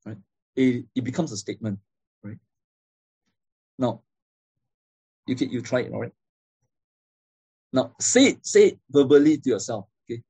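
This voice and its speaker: A man's voice: mid-range voice, lively intonation, normal speed, pauses often, warm tone, breathy edge, no echo. A man giving a classroom lecture, explaining step by step and often checking in with "okay?" and "right?".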